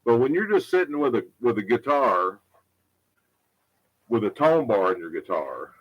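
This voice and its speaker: A man's voice: medium pitch, big pitch swings, normal speed, breathy edge, highs cut off, soft background music. A middle-aged man who repairs guitars, talking casually and bluntly, rambling, repeating himself and swearing. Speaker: guitar repair tech and product maker. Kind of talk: casual live product talk. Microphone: unsure where the mic is.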